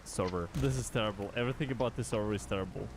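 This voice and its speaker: A man hosting a gameplay video, talking in voice chat and commentary with a cartoonish, excitable, mocking delivery. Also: lowish voice, rapid-fire, gravelly. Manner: excitable, mocking, laughs often. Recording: noisy game voice chat.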